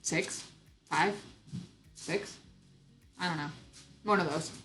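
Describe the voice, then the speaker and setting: A woman's voice: deep voice, slow pace, fairly bright tone, faint music behind. A woman in her thirties hosting a casual live chat, chatty and teasing with frequent giggles. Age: 30s. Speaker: homesteading channel host. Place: home.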